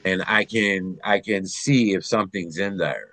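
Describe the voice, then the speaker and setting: A man telling personal stories in a casual conversation, rambling and animated, with frequent restarts and some swearing. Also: sits low, a little slow, no echo. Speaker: guest.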